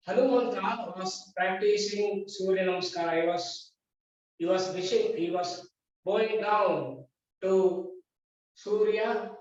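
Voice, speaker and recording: A man with an Indian English accent, a yoga teacher lecturing his class in short, repeated, emphatic phrases. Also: high voice. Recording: echoey dull recording from a distance.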